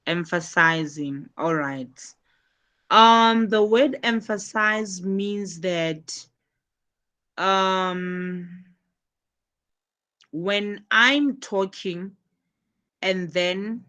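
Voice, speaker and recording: A woman's voice: mid-range voice, very slow, pauses often, sharp tone. A woman teaching a live online English class over a video call, explaining patiently and working through repeated examples.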